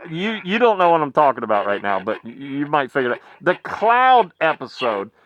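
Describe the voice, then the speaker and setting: Halting man with a dry, close sound. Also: fairly high pitch, dry recording, muffled recording. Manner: halting, repeats words, announcer-like "ladies and gentlemen". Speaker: livestream guest. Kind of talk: casual livestream banter.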